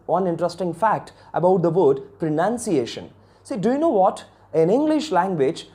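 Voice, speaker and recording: A man with a high, mellow voice hosts a video lesson on English as the channel's teacher. He speaks formally and earnestly, repeating key words for emphasis.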